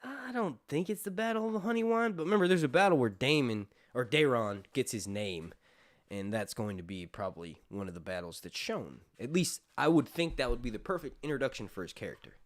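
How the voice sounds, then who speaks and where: A man's voice: medium pitch, lively intonation, brisk. A man hosting a casual live stream chat, rambling loosely, swearing freely and often breaking into laughter. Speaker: YouTube host.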